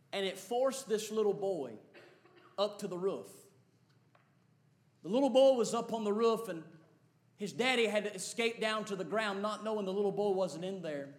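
Impassioned preacher man in an echoey church. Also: high-pitched. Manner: impassioned preacher, swings from hushed to shouting. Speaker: pastor. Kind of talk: sermon. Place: church sanctuary.

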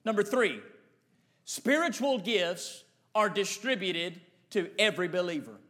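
A man's voice: sits high, animated, measured pace. A man preaching a fervent, emphatic sermon as pastor, speaking straight to his congregation and hammering home repeated phrases. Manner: fervent, emphatic, rising to shouts.

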